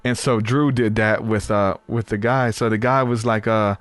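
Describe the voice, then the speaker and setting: A man's voice: lowish voice, moderate pace, hardly any pauses, dry recording. Chatty male podcast host, dry sound. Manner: animated, chatty, laughs easily. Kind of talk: casual storytelling.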